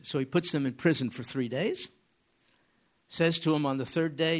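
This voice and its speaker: Husky-voiced man preaching with lively pitch. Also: moderate pace. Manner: dramatic, questioning the listeners. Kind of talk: sermon.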